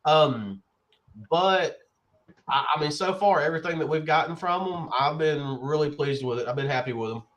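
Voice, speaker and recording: A man co-hosting a podcast over a video call, congested from a sinus infection, talking in a relaxed, rambling way. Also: a little high, normal speed. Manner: relaxed, rambling, filler-heavy. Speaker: podcast co-host. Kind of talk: casual chat.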